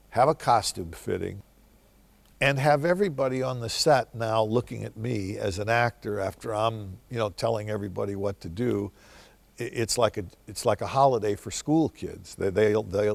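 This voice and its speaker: A man's voice: fairly low pitch, gravelly, dry recording. An older man, a film director, telling wry, reflective stories in answer to interview questions.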